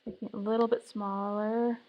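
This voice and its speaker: Her medium-pitched voice is flat and a little fast, captured with lo-fi sound. Live-streaming from her home workspace, she mutters to herself and thinks aloud while trying design ideas one after another.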